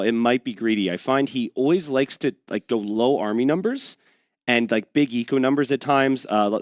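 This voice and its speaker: A man's voice: mid-range voice, dry recording, studio quality. A man casting a strategy game tournament, upbeat and chatty as he sets up the next match. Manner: upbeat, chatty, hypes the players. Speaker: esports caster. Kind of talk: esports commentary.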